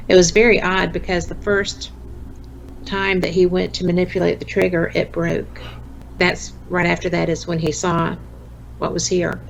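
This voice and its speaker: Gravelly low-voiced woman guest. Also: poor audio. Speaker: podcast guest. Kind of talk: casual interview chat. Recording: faint background noise.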